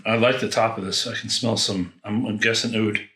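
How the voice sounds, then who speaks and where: A man with a lowish yet bright, forceful voice reviews fragrances in a loose, rambling way, thinking aloud and restarting his sentences. He is recorded in a roomy space with a clear echo. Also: steady tone, fairly quick. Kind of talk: casual unboxing review.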